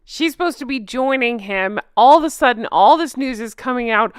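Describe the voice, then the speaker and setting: A woman's voice: fairly high pitch, expressive, moderate pace, few pauses, smooth, no echo, studio quality. A woman hosting a gossip commentary vlog, ranting with sarcastic emphasis. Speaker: channel host.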